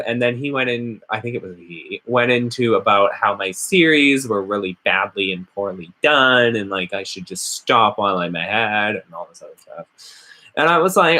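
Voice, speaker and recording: A man's voice: mid-range voice, animated, moderate pace, sharp tone. A man vlogging casually, rambling and sarcastic as he rants. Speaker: witchcraft vlogger. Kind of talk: casual ranting vlog.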